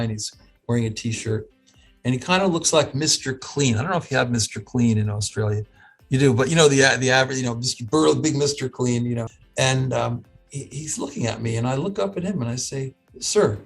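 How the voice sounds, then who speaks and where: A man with a gravelly, husky voice tells a lively story in conversation. He acts out the people in it and often circles back to restart a phrase. Faint music plays underneath. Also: medium pitch. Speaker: medical school professor and institute founder. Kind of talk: animated storytelling talk.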